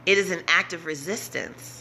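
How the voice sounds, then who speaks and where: Bright, urgent woman vlogger. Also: fairly low pitch, normal speed, slight background noise. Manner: urgent, repetitive, preaching to her audience. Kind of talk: impassioned direct-to-camera talk.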